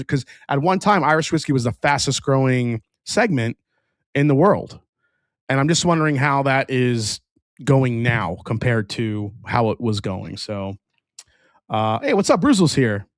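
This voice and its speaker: A man's voice: mid-range voice, no echo. Easygoing man hosting a dry-sounding livestream. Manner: rambling, restarts often, reads chat aloud. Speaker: whiskey review livestream host. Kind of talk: casual livestream chat.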